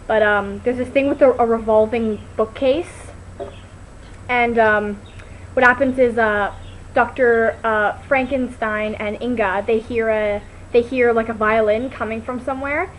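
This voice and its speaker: A woman's voice: on the high side, fairly even intonation, a little slow, slight background noise, poor audio. A woman vlogging in a rambling, casual way on a computer mic. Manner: rambling, full of "like" and restarts. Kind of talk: casual chat to camera.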